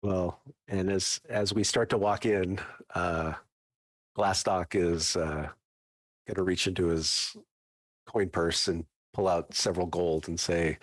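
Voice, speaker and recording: A man playing a tabletop game, describing his character's actions with hesitant pauses. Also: low voice, fairly even intonation, no room sound. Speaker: player. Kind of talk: tabletop play.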